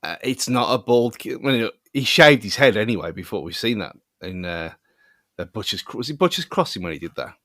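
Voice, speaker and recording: A man's voice: on the low side, very animated, fairly quick, fairly bright tone, no echo, studio quality. A man co-hosting a casual podcast, rambling and self-mocking and often trailing off mid-thought. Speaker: podcast co-host.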